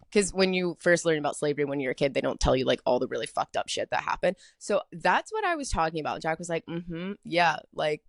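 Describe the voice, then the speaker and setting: A woman's voice: low-pitched, no room sound, clean studio sound. Chatty young woman podcaster, rambling. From Atlanta, US. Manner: chatty, rambling, heavy filler "like". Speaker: podcast host. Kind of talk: casual solo storytelling.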